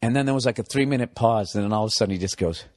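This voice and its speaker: A comedian in his forties from America, telling a story in an animated, exasperated way, swearing constantly. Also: mid-range voice, very fast, no echo. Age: 40s. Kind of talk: profane comic storytelling.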